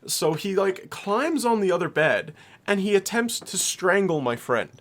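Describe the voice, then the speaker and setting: Over the noise of a loud crowd, a young adult man co-hosting a podcast spins out a long, rambling story, laughing and swearing. He sounds very animated, with a high voice and a measured pace.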